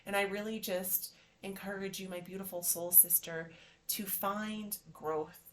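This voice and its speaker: A woman's voice: medium pitch, steady tone, unhurried, a bit bright, slight background noise. Effusive encouraging woman podcast host. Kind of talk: motivational podcast monologue.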